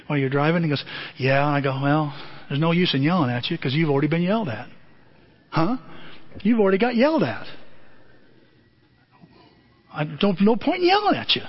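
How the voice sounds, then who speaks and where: Animated preacher man, high voice. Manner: animated storytelling, acts out voices in high falsetto. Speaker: pastor. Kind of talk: sermon with acted-out story. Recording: dull lo-fi sermon audio.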